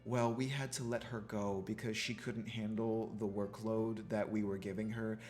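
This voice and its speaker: A man voicing a smooth-talking personal assistant who calmly explains away bad news in a low, quiet voice. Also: normal speed, close to an everyday voice. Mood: calmly evasive.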